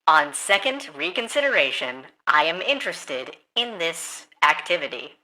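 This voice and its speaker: A woman's voice: moderate pace, exaggerated voice, rough recording. A woman voicing a stiff, overly formal and oddly polite adventurer in a tabletop game. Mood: stiffly formal. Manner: stilted, formal phrasing with lively swings in pitch.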